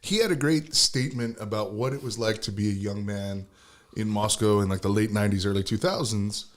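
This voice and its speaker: A man's voice: on the low side, steady tone, fairly quick. A man hosting a podcast, musing reflectively in casual chat. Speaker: podcast host.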